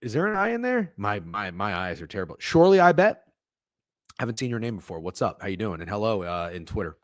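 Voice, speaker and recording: A young man hosting a live sports betting stream, chatting with viewers in a profane, animated way. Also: on the low side, fast, no echo, studio quality. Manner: animated, swearing, talks to chat. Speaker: sports betting show host.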